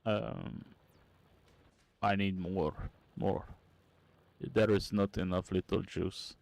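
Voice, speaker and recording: A young man streaming game development, quietly muttering to himself in halting phrases as he works. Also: sits low, level tone, creaky, no echo. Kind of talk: casual livestream commentary while coding and gaming.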